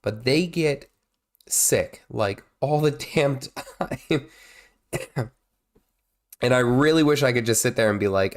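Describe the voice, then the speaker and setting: A man's voice: medium pitch, slow, pauses often. A man in his thirties, congested with a cold, rambling casually as he streams a game and reacts to it. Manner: rambling, chatty, exclaims at the game. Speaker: gaming streamer. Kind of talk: casual live gameplay commentary.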